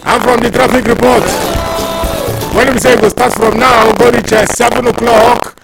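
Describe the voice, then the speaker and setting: A man's voice: very high voice, level tone, normal speed, gravelly, over loud music, rough recording. A man with a Nigerian accent presenting casual radio in a playful, slangy, hyping manner. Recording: loud background noise.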